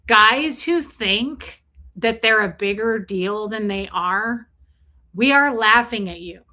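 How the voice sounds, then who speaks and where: A woman's voice: mid-range voice, measured pace, pushed and bright. A woman hosting a live stream, chatting casually and bluntly, with sarcastic asides and greetings to her chat. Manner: blunt, sarcastic, reads chat names aloud.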